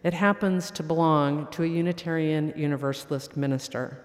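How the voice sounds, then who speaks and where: A preacher giving a sermon and reading a story aloud in a slow, measured, reflective way. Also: mid-range voice, steady tone. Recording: long hall reverb.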